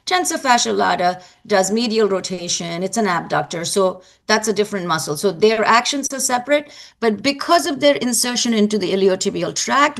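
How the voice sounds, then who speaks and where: A woman's voice: mid-range voice, gravelly. A woman teaching an anatomy lecture to students, explaining step by step and repeating key points for emphasis.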